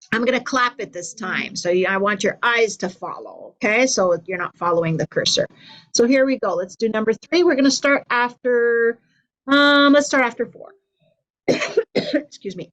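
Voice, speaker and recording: A woman's voice: on the high side, poor audio. A woman teaching an online music theory class, patiently counting and clapping rhythms aloud for her students.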